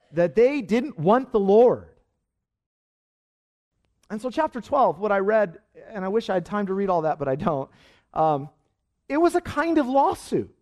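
Pastor guy giving a sermon, pretty high voice, keeps asking questions and repeating himself for punch. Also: a little mellow. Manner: earnest, rhetorical questions, repeats phrases for emphasis. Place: church service.

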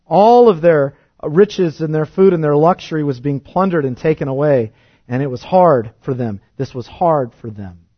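A high-pitched man delivers an earnest sermon, swelling to emphatic peaks before falling back to a soft, low hush. The recording sounds dull and lo-fi. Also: moderate pace. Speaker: preacher.

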